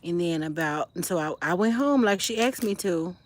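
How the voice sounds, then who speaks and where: A woman's voice: fairly low pitch, expressive, moderate pace. A woman livestreaming outdoors by a fire on a cold night, chatting straight to her viewers and telling a personal story. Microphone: phone livestream.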